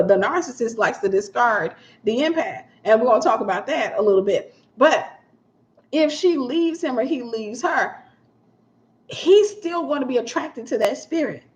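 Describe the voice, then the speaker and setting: A woman's voice: fairly high pitch, darkish tone. A woman minister teaching a sermon in a conversational way, repeating her key points and acting out little scenes. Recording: dull lo-fi sound.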